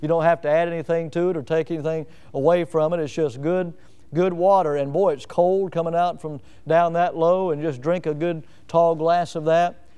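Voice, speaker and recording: A man preaching a sermon in a high, ringing voice with a smooth, resonant tone. He presses his listeners with repeated rhetorical questions and leans hard on key words as he builds. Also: fairly even intonation, normal speed, mellow. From Northwest Florida. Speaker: pastor.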